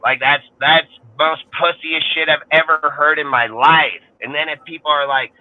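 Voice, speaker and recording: A man's voice: fairly high pitch, fairly even intonation, normal speed. A man in his thirties hosting a sports podcast, ranting in a profane, heated and rambling way. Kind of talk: ranting casual talk. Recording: tinny phone-like sound.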